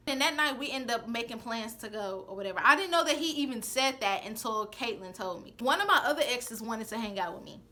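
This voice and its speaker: Sassy high-voiced young woman. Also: a little fast, few pauses. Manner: sassy, animated, acts out the quoted lines. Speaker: vlogger telling a personal story. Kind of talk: casual storytime chat.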